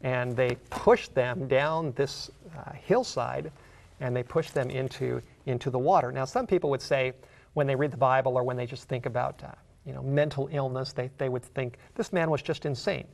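Guy with a gravelly voice teaching bible study, earnest, slows way down reading verses. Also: mid-range voice, fairly even intonation, darkish tone. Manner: earnest, slows down to read scripture aloud; asks the listener questions, rising in force.

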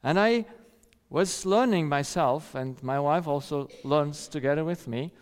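A man's voice: fairly high pitch, unhurried, clean tone. A middle-aged man preaching a sermon, telling a personal story and sometimes acting out the voices of the people in it. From rural countryside. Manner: storytelling, acts out quoted voices, laughs often. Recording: long hall reverb.

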